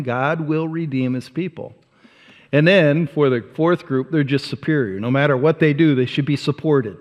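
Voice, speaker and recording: A male pastor preaching a sermon, emphatic, asking rhetorical questions and swinging from loud to soft. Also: on the high side, in a large hall. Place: church sanctuary.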